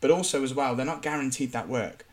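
A man's voice: mid-range voice, quick pace. A man from England, a self-employed contractor, talking frankly in casual panel chat, rambling with many restarts.

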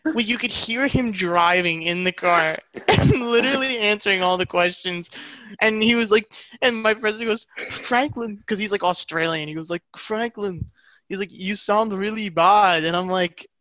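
Bright young man, rambling on a lo-fi call. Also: high-pitched, moderate pace, no room sound. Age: young adult. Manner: rambling, animated retelling with quoted voices. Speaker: podcast co-host. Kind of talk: casual storytelling. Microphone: video call.

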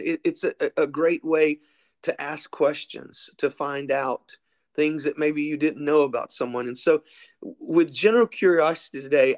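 A man co-hosting a podcast who interviews his partner in an upbeat, chatty way. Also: a little high. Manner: upbeat, chatty, laughs easily.

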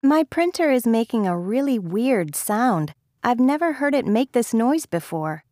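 A woman's voice: fairly high pitch, big pitch swings, unhurried, a little mellow, dry recording, studio quality. A woman reading vocabulary example sentences for a lesson, conversational and informative.

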